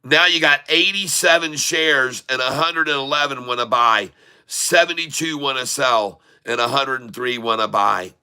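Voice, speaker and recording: Guy day trading live on stream, super bright smooth voice, keeps chanting prices and calling ppl folks. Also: medium pitch, moderate pace. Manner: excitable, chants prices over and over; addresses viewers as folks, taunts short sellers.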